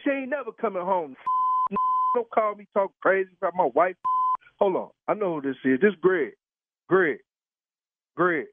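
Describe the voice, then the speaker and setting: A man's voice: sits high, expressive, normal speed, long pauses, no echo. A tired truck-driving man talking on the phone in blunt street slang, swearing and demanding to know who is calling. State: tired from work. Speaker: prank call target, truck driver. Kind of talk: phone conversation. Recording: tinny phone line.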